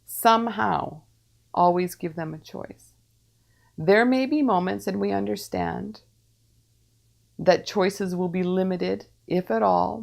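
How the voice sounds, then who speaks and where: Woman channeling a teacher, heavy vocal fry. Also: medium pitch. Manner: measured, repetitive phrasing with calm pauses. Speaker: medium channeling a spirit teacher.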